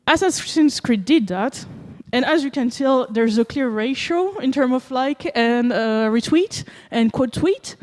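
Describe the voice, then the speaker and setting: French-accented woman, higher voice, hall echo. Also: animated, normal speed, few pauses, darkish tone. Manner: casual, joking, many fillers. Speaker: conference speaker. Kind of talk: conference talk. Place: conference hall. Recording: long reverb of a conference hall.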